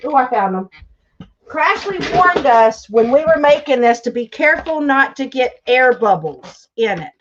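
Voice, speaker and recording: A woman's voice: a little high, highs cut off. A woman chatting casually on a livestream, gushing about her crafts and reading the chat aloud. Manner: chatty, gushing, says y'all often, reads chat aloud. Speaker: YouTube crafter hosting a livestream.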